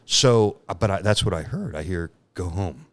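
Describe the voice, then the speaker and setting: A man's voice: low voice, lively intonation, normal speed, a bit bright, dry recording. A man in his thirties, a podcast guest, telling a candid personal story in casual talk, laughing often and acting out the lines he quotes.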